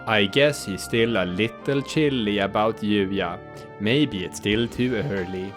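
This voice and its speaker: A woman's voice: very deep voice, takes it slowly, music in the background. A woman giving casual, chatty gameplay commentary, swearing freely. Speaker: let's play commentator.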